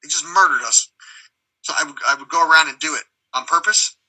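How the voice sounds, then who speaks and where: Bright, husky high-voiced man, rambling and profane. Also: a little fast, rough recording. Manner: acts out quoted voices loudly. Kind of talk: casual live conversation.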